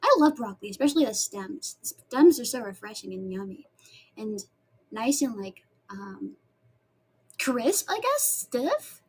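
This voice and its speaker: A woman's voice: mid-range voice, moderate pace, a little mellow, breathy edge. A woman whose first language is Spanish, chatting casually and rambling a little while she paints her nails. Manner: chatty, rambling, reads chat aloud. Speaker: streamer.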